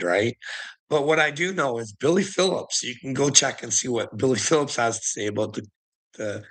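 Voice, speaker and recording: A man's voice: mid-range voice, bright, forceful tone, poor audio. A man talking in a rambling, sardonic monologue, laughing often and swearing as he goes. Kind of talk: casual conspiracy commentary monologue.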